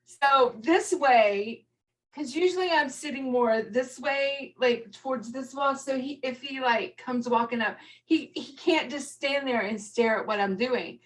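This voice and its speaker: A woman's voice: high-pitched, measured pace, distant mic, rough recording. A woman hosting a casual live video chat, rambling and swearing freely as she talks. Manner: chatty, rambling, swears freely, laughs often. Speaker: host.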